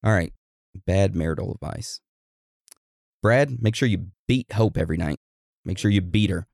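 A man's voice: sits low, normal speed, gravelly, long pauses, a little mellow, dry recording, clean studio sound. A man co-hosting a podcast in casual chat, laid-back and joking. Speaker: podcast co-host.

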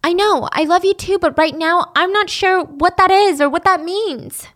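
Loud swearing teen girl done by a woman narrator, high voice. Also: normal speed. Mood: sulky. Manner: loud, cursing, heated. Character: angry teenage girl, rebellious and foul-mouthed.

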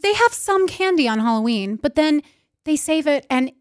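Female podcast co-host, lightly high voice, relaxed and agreeable, dry close sound. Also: normal speed, no room sound. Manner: chatty, agreeable, laughs easily. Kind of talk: casual chat.

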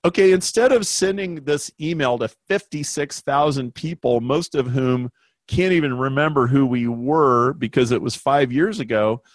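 A man telling an anecdote in a lively, conversational way, acting out the voices of the people in it as a guest explaining marketing. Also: medium pitch, normal speed, dry recording. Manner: animated, acts out quoted voices. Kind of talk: conversational storytelling.

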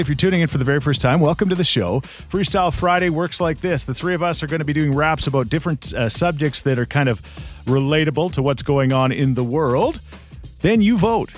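A man hosting a morning radio show, upbeat and jokey, laughing often. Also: on the high side. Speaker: radio host. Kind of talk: casual morning radio banter.

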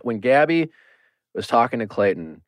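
A man hosting a podcast in casual chat, animated and swearing, acting out quotes as he talks. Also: medium pitch, normal speed, dry recording. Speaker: podcast host.

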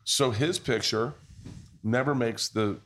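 A man's voice: mid-range voice, slow pace, fairly bright tone. A man hosting a podcast, telling rambling, profane anecdotes in casual chat at a pub. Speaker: podcast host.

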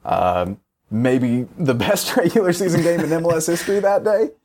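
A man's voice: a little high, moderate pace, a loud crowd. A young man co-hosting a casual sports podcast, recapping a match with wry jokes. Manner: wry, joking, lively recaps. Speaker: podcast co-host.

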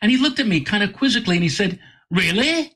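A male astronomer, a guest in an interview, tells a lively anecdote and often repeats words when he gets excited. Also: sits high, very fast. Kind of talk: animated anecdote in conversation.

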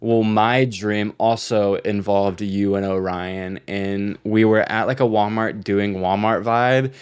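A man with a somewhat low voice chats casually as a podcast co-host. He tells stories with lots of swearing and frequent laughter. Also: steady tone, slow, clean tone. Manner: laughing, profane, storytelling. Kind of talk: casual chat.

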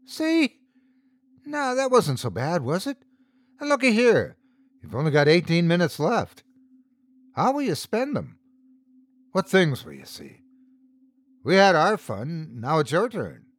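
Creepy mocking tormentor, high and singsong in a dry close read, as a male narrator puts him on. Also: wildly swooping pitch, a little slow, long pauses, dry recording, exaggerated voice. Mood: taunting. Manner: taunting, gleeful. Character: mocking sinister man with a stopwatch.

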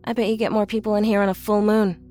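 A woman's voice: medium pitch, flat delivery, fast talker, dark tone, soft background music, lightly acted. An actress playing a skeptical, blunt young woman in an audio drama, impatient and mocking. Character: skeptical, brash young woman, older sister.

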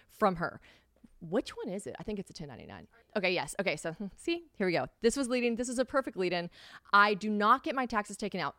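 A woman hosting a casual solo podcast, chatty and unfiltered, with plenty of swearing mixed in. Her voice sits at an ordinary middle pitch for a woman. It is recorded close and dry, with no room sound around it. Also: a bit bright, dry recording. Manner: candid, profane, chatty storytelling. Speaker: podcast host.

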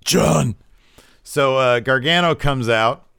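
A man co-hosting a casual chat, recapping events and retelling scenes in lively quoted voices. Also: on the low side, normal speed, clean tone, no room sound, studio quality. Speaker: podcast co-host recapping wrestling.

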